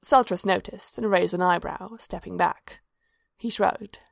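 A woman narrating a fan fiction story aloud in an even, measured way. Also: fairly low pitch, gravelly, no echo, studio quality.

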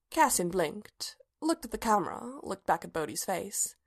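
A woman narrates a story aloud in a steady, measured audiobook style. Her voice sits at a middling pitch and keeps an even pace throughout. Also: breathy edge.

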